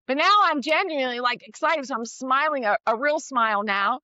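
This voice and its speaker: Animated middle-aged woman telling a story. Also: high-pitched, normal speed, dry recording, dull audio. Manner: animated, restarts often, laughs between phrases. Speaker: guest sharing a parenting story. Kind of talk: casual storytelling conversation.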